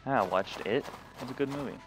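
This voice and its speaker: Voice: mid-range voice, fast talker, faint music behind. A person casually chatting while playing a farming game with a friend, laughing often and reading game dialogue aloud. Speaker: Let's Play gamer. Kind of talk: casual co-op gaming chat. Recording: muffled audio with clear noise.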